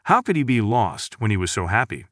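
An automated male voice reading a magazine article in a measured, scripted way. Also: on the low side, sing-song, fairly bright tone, no echo, studio quality. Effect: synthetic text-to-speech voice. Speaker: article reader.

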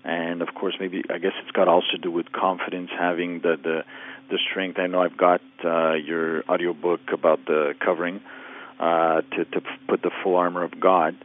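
A man's voice: low-pitched, little pitch movement, normal speed. A man calling in to a radio show, asking his question hesitantly and with many restarts. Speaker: caller. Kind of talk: phone-in question. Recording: tinny phone line.

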